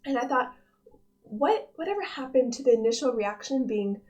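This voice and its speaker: A young woman hosting a personal devotional vlog, speaking in an earnest, gentle, reflective way with frequent restarts. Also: a little high, animated, normal speed. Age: young adult. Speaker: devotional vlog host, nursing student.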